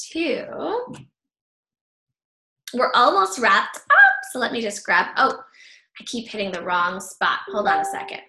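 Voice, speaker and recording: Leading an online training call for her group, a woman sounds upbeat and encouraging, with loose fillers. Her high-ish voice is gravelly, bright and forceful, a little worn as she's slightly losing it, in an echoey room.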